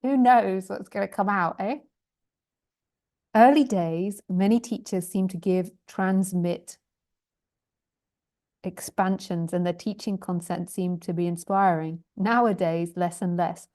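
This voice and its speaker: A woman's voice: lowish voice, fairly even intonation, unhurried, darkish tone. A woman spiritual teacher on a live stream, reading viewer questions aloud in a chatty, self-deprecating way, often laughing and stumbling over long sentences.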